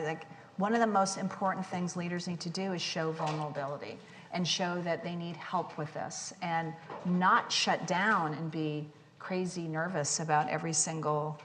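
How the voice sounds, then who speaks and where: A woman guest speaker talking onstage to students, candid and animated, poking fun at herself. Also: on the low side. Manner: candid, animated, self-deprecating. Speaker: guest speaker, company CEO. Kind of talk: onstage conversation. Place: lecture hall with audience. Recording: long hall reverb, faint noise.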